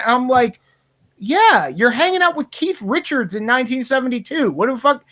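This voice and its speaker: A man's voice: very high voice, lively intonation, moderate pace, sharp tone. Profane rambling male podcast storyteller. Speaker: podcast co-host. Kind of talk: casual podcast chat.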